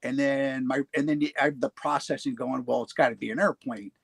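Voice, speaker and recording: Halting man telling a ghost story. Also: medium pitch, fairly even intonation, vocal fry, a bit bright, slightly rough, dry recording. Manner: halting, many restarts and fillers, laughs easily. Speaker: paranormal show guest telling his experiences. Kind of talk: casual storytelling.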